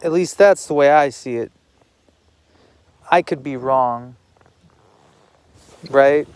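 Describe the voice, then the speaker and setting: A man's voice: mid-range voice, takes it slowly, darkish tone, clean tone, dry recording. A man talking to the camera in a rambling personal monologue, repeating words and swearing now and then.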